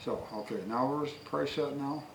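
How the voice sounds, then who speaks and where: Man, product reviewer, folksy storyteller, mid pitch, distant from the mic, echoey, faint crickets behind. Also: normal speed, vocal fry, a little hiss or hum. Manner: folksy, long-winded. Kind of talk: rambling storytelling. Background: faint crickets and insects.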